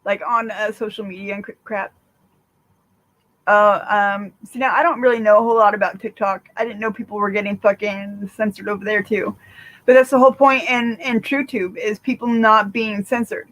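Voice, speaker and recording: The woman here has a medium-pitched, slightly bright voice with fairly even intonation and normal speed, on a low-quality recording. She hosts a casual livestream, responding to chat in a rambling, filler-heavy way and swearing freely.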